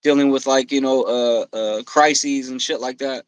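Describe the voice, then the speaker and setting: A man's voice: mid-range voice, moderate pace, clear, resonant tone, dry recording, low-quality recording. Profane storytelling man, close dry mic. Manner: profane, animated, quotes himself and others. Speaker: podcast guest. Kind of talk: casual storytelling. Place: podcast studio.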